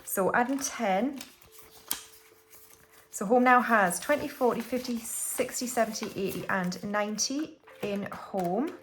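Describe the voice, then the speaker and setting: A UK woman hosting a budgeting channel counts banknotes aloud in a casual cash-stuffing vlog, chatting and laughing at her own slip-ups. Her voice is a little high and fairly bright, her pace unhurried, with slight background noise.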